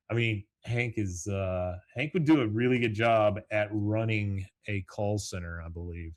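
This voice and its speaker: A man's voice: fairly low pitch, measured pace, hardly any pauses. A middle-aged man hosting a solo podcast, recapping a cartoon episode in a rambling, casual way with chuckling asides. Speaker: podcast host. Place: home, with morning coffee.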